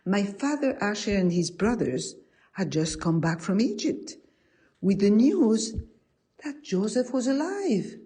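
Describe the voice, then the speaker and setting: A woman's voice: medium pitch, very animated, a little slow, dark tone, husky, pitched above the performer's own voice. A woman storyteller voicing an ancient, centuries-old wise woman in a told tale. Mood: reminiscing. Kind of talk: oral storytelling.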